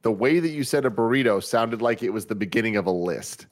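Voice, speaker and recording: A man's voice: fairly low pitch, animated, fast. Wry man teasing in podcast banter. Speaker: podcast co-host.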